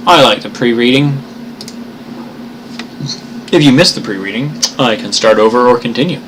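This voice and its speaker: Male streamer, mid pitch, playful chat, audible background noise. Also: a bit bright, poor audio. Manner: playful, greets chat viewers, reads aloud slowly. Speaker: live streamer. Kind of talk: casual stream chat and story reading.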